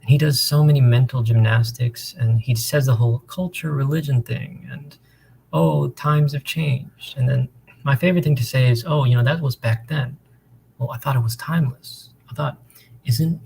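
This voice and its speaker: Male caller, gravelly, mid-pitched, call line with faint hiss, rambling and hesitant. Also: fairly even intonation, dark tone, rough recording. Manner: rambling, hesitant, quotes others in quick asides. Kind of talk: casual call-in chat. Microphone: video call.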